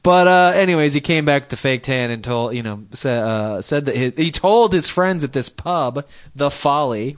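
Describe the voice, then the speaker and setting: A man's voice: mid-range voice, dry recording. Guy on a podcast reading crime news, rambles and jokes around, dry close sound. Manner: rambling, jokey, reads news aloud with asides. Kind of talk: casual chat.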